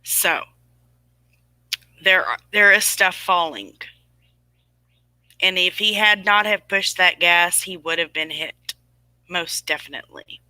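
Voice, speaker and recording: A rambling, emphatic livestream host in their forties talks straight to viewers and stops to answer chat comments. The voice is very bright and crisp. The sound is dry and close, with no room around it. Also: medium pitch, takes it slowly, long pauses, dry recording, rough recording. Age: 40s. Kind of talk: casual livestream talk to viewers.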